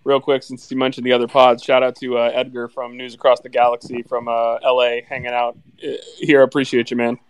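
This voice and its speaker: A man talking casually on a podcast, cracking jokes with quick asides. His voice is smooth and clear, and the sound is dry and close. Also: mid-range voice, little pitch movement, dry recording. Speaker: podcast co-host.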